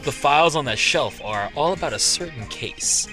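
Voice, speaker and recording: A man voicing a cool, haughty male prosecutor who speaks in a measured, formal, condescending way. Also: a little high, animated, sharp tone, faint music behind. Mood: cold.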